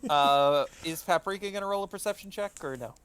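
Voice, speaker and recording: Smooth-voiced male game master, hesitant. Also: fairly high pitch, a little fast, a bit bright, no room sound. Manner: hesitant, full of ums and uhs. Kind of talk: narrating a tabletop game.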